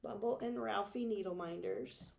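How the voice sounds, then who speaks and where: A woman's voice: medium pitch, moderate pace, creaky, darkish tone. A woman hosting a casual stitching chat, rambling and apologetic as she shows off a haul. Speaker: flosstube host. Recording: echoey room with faint noise.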